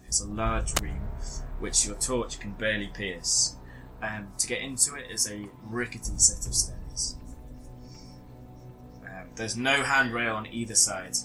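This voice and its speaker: A man narrating a tabletop horror game as game master, halting with many pauses and restarts. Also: fairly low pitch, steady tone, over music, poor audio.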